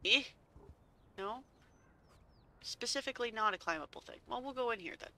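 Bright, playful woman gaming. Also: fairly high pitch, animated, moderate pace. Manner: playful, chatty, talks to herself. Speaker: gaming channel host. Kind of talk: game playthrough commentary. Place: seated at home.

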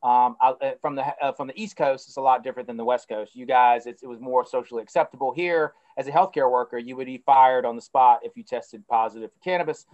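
An energetic, enthusiastic man from North Carolina with a Southern twang, talking as an interview guest on a video call. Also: medium pitch, fast, few pauses. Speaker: guest, cannabis company CEO. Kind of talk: casual interview talk. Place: outdoors by a plant facility, on a video call. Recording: dull lo-fi video call audio.

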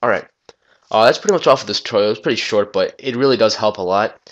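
A man's voice: fairly low pitch, animated, fast talker. Rambling man on a lo-fi headset. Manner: rambling, loose, swears and restarts. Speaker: tutorial maker. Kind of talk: casual screen-recorded software tutorial. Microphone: gaming headset.

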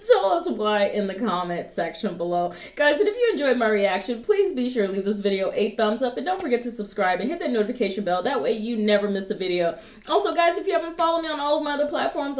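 Southern woman, reaction vlogger, animated and chatty, echoey room. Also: on the high side. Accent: Southern American. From American South. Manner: chatty, laughs often, addresses viewers directly. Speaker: reaction YouTuber. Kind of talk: casual reaction vlog.

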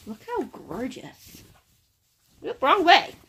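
A young woman unboxing a book subscription box in casual chat, gushing and excitable. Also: high voice, takes it slowly, slightly rough. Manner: gushing, excitable, repeats "oh my gosh".

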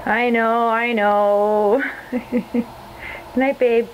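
A woman's voice: fairly high pitch, steady tone, drawn-out words, highs cut off, slight background noise. A woman filming a casual vlog in a hotel room, talking in a cooing, doting way to her cat and laughing often. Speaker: vlogger and cat owner. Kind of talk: casual home-video vlog.

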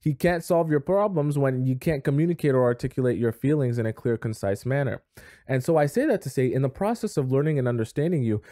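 A man's voice: mid-range voice, lively intonation, fast, warm tone, no echo, clean studio sound. A man giving relationship advice straight to his viewers in an emphatic, conversational way, acting out little scenes. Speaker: dating advice host. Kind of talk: direct-to-camera advice talk.

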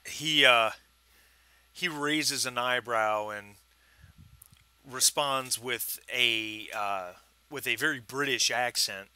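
Bright-voiced man narrating a tabletop game. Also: mid-range voice, clear, resonant tone. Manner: halting, many fillers and restarts. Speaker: game master. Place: home, at a computer.

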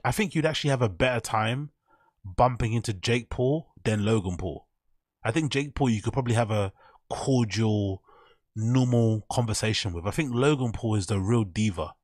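A man's voice: medium pitch, dry recording, studio quality. A man hosting casual reaction commentary, mocking and profane as he rambles over clips. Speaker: commentary channel host.

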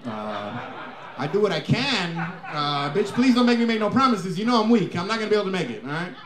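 A man voicing his immigrant father, an older dad who is lazy and wisecracking, with a low-key mumbling drawl. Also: sing-song, brisk, roomy sound, crowd noise. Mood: sheepish.

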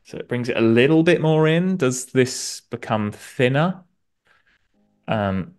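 A man's voice: mid-range voice, lively intonation, measured pace, clear, resonant tone, soft background music. A man from southwest England with a West Country accent, a designer and comedian chatting playfully and self-mockingly while demonstrating design on a live stream. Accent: West Country English.

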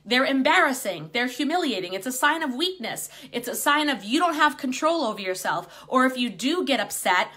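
A woman in her fifties talks straight to her viewers as a spiritual coach, cursing freely and filling gaps with "um" and "like". Her voice is bright and a touch high, and it comes across open and unguarded. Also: big pitch swings, normal speed, few pauses. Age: 50s. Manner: candid, swears freely, many fillers. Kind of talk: casual talk to camera.

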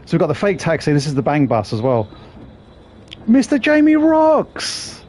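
While streaming a bus simulator, a man with a medium-pitched, slightly mellow voice talks fast through live gameplay commentary. He's sweary and jokes around with his chat, and there's slight background noise.

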